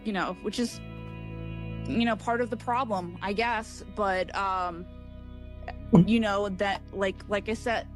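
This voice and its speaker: A woman's voice: mid-range voice, steady tone, slow pace, long pauses, faint music behind. A tired woman arguing her point hesitantly in a recorded discussion, with many fillers.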